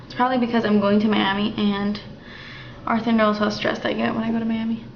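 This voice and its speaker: A young woman walking through a makeup tutorial in a chatty, relaxed way at home. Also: medium pitch, brisk, vocal fry, slight background noise. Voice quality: chatty, relaxed, thinking aloud. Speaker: beauty vlogger. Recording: dull, slightly roomy home recording.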